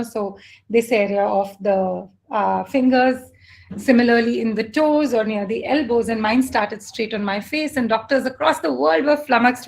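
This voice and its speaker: A woman's voice: fairly high pitch, vocal fry. A woman life coach giving a live online coaching talk, earnest and reflective, telling personal stories.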